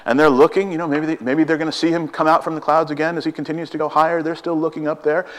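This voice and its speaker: A man with a slightly high voice preaches a sermon, speaking fast and excitedly. He frequently throws rhetorical questions at his listeners.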